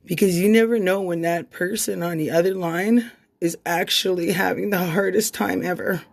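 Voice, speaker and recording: A woman's voice: lowish voice, fairly even intonation, normal speed, gravelly. A woman in her thirties, crying as she makes an emotional, rambling plea in a vlog, swearing and repeating herself. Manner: raw, repetitive, swears, rallying plea.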